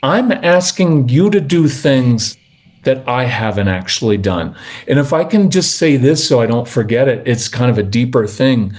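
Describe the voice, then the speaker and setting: A man's voice: medium pitch, a little mellow. Earnest storytelling middle-aged man. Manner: earnest, storytelling, slows down for emphasis. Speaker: parenting guest. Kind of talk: conversational interview.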